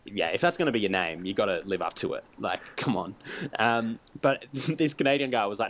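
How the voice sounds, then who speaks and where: A man's voice: lowish voice, animated, brisk, a bit bright. A man in casual podcast chat, telling stories with self-mocking humor and frequent chuckles.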